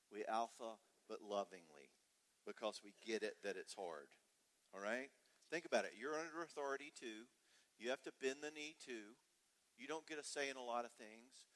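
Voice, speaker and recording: A man's voice: mid-range voice, fairly bright tone. An older man giving a conversational, humorous parenting talk at a conference, telling family stories and acting out voices. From United States. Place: church hall. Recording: long reverb from a large hall.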